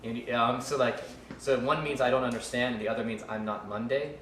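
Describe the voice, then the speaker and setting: A man's voice: mid-range voice, steady tone, a little fast, fairly bright tone. Casting: male ministry teacher, rambling talk full of restarts, heard from a distance in an echoey room with faint noise. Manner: rambling with many restarts and fillers, joking with the audience. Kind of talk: informal teaching to a live class.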